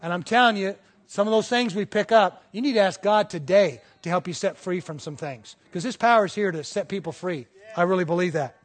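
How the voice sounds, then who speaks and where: A man's voice: high voice, a little fast. A male pastor preaching a conversational sermon, often checking in with the congregation and acting out little stories. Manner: tells stories and acts out voices within them.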